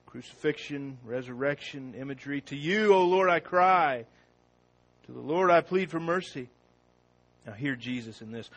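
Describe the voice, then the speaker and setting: A man preaching a sermon. He opens with a prayer, then reads scripture slowly and with rising force. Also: on the high side, animated, rough recording. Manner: slow and deliberate, rising loud when reading scripture.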